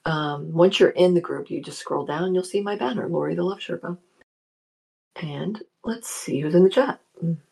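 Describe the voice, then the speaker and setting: A woman hosting a live show as a spiritual psychology practitioner, chatting casually, greeting listeners by name and reading their comments, with a gravelly voice. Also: on the low side, moderate pace, dark tone. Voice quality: gravelly morning voice.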